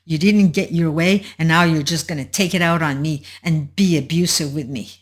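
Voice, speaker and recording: A woman's voice: deep voice, steady tone, normal speed. A woman voicing an angry, belittling narcissistic partner who fires off indignant, accusing questions.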